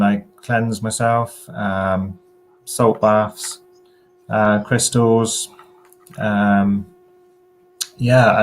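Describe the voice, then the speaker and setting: Slow, hesitant low-voiced man. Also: a little hiss or hum. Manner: hesitant, many ums. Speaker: guest. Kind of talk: casual interview chat.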